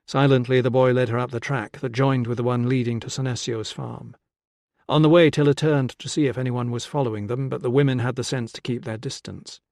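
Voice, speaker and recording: A man narrating an audiobook in a measured, even storytelling manner. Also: medium pitch, creaky, no room sound. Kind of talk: scripted narration. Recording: dry close studio sound.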